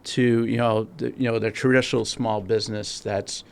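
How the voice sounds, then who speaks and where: Podcast co-host, male, from rhode island, gravelly chatty delivery, keeps saying right. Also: lowish voice, little pitch movement, normal speed. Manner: chatty, lots of "right?" and "you know". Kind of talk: casual chat. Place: studio, on camera.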